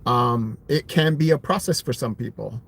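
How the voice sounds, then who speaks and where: A man's voice: mid-range voice, moderate pace, creaky, a bit bright, slightly rough. Man casually rambling on a live stream. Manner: rambling, with many fillers and restarts. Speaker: vlogger sharing his hearing story.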